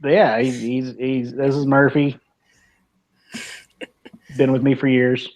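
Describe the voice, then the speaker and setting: A man's voice: medium pitch, little pitch movement, slow, darkish tone, highs cut off. A man playing a tabletop game, chatty and joking with the group. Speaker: player. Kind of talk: casual tabletop play.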